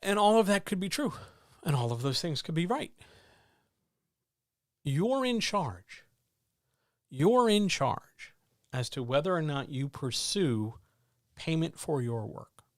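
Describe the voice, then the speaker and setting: A man's voice: a little high, expressive, normal speed, no room sound, clean studio sound. A man hosting a live-stream advice show for writers, talking blunt and joking, straight to the listener. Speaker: host answering writing questions.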